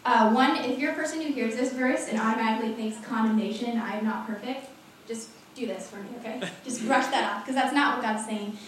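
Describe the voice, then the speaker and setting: A woman's voice: a little high, fast talker, hardly any pauses, far from the mic, slight background noise. Young woman preaching in an echoey hall. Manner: animated, laughing often, chatty asides. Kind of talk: casual sermon.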